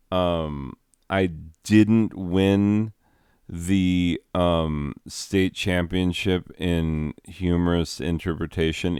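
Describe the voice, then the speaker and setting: A man hosting a video, talking in a halting, self-deprecating, rambling monologue. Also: low-pitched, a little mellow, clean tone, dry recording, clean studio sound. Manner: halting, self-deprecating, many fillers and restarts. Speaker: video host.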